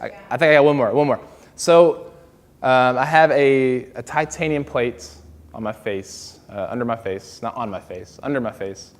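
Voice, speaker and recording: A man's voice: mid-range voice, normal speed, big-room sound. A man doing stand-up comedy, telling stories in a loose, rambling way full of fillers and asides.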